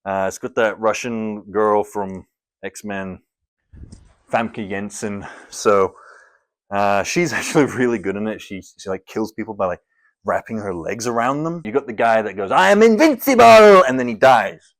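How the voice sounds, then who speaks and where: A man's voice: on the low side, normal speed, fairly bright tone. A young man from Scotland, talking casually and rambling through his movie rankings in a vlog, with playful theatrical bursts on each countdown number. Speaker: film reviewer.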